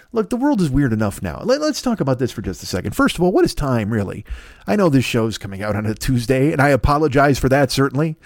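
Fast-talking profane man in his fifties. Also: mid-range voice, no room sound, clean studio sound. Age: 50s. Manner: profane, riffing, self-deprecating, leaps into exaggerated mock voices. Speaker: podcast host. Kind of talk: rambling solo comedic monologue.

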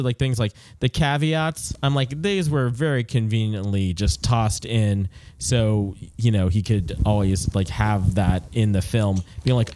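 A man's voice: mid-range voice, a little mellow. A man talking casually about a film, rambling with frequent restarts. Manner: rambling, restarts often, lots of "like". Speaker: podcast co-host.

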